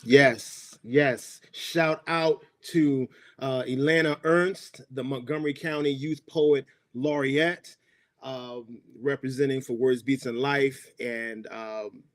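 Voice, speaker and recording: A man hosts an online arts event in a relaxed, encouraging manner, dotting his speech with fillers. His voice sits in the middle range. The sound is dry and close, as if over a video call. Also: mid-range voice, slow, dry recording. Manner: laid-back, hype, lots of fillers. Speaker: host. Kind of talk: casual hosting.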